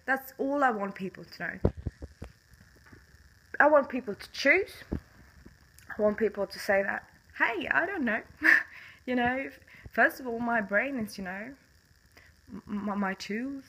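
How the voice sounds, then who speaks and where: A woman's voice: mid-range voice, pushed and bright, slightly rough, rough recording. A young woman with a Swedish accent, speaking English in a casual monologue to camera, passionate and blunt, swearing often and breaking into bitter laughs.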